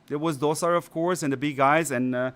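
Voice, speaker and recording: A man's voice: fairly high pitch, fairly even intonation, brisk, a bit bright, clear, resonant tone. A male mobile strategy game streamer who is losing his voice, rambling with many fillers and restarts. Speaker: gaming channel host. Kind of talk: casual stream commentary.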